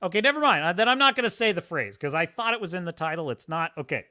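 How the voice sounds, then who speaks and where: A man hosts a casual livestream, rambling and reading chat messages aloud. His voice sits a little high, bright and forceful. He gets excitable and talks in quick bursts. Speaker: livestream host.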